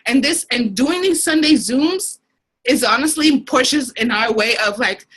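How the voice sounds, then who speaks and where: A young woman speaks over a video call with a high, bright voice. She rambles in a heartfelt, casual way and wanders off her point. The tone is that of a motivational chat with her team. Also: lively intonation, unhurried, husky, poor audio.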